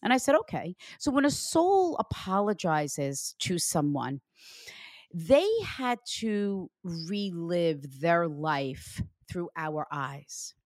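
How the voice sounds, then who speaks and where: A woman's voice: on the low side, takes it slowly, no echo. A woman hosting a show as a psychic medium, giving a spiritual reading and acting out the dialogue she relays. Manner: animated, acts out quoted dialogue.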